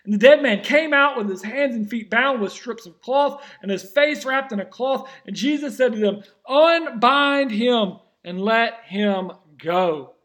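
Man preaching a sermon, high voice, earnest and emphatic, restarts phrases, then drops soft and slow. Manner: earnest preaching, rising to emphatic cries, dropping to soft, slow near-whispers; frequent restarts and repeated words. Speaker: pastor.

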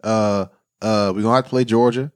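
A man co-hosting a podcast in casual sports banter, loud and teasing, laughing often. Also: on the low side, fairly even intonation, a little fast, clean tone. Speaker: podcast co-host.

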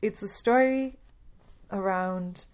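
A woman hosting a podcast alone, talking in an earnest, thoughtful way and often pausing to search for words. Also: mid-range voice. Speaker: podcast host. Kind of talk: reflective solo podcast talk.

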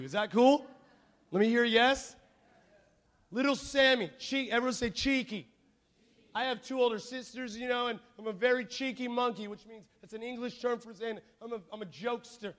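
A man preaching a sermon, telling a childhood story in a playful, animated way and calling on the congregation to answer back. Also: extremely high pitch, fairly quick.

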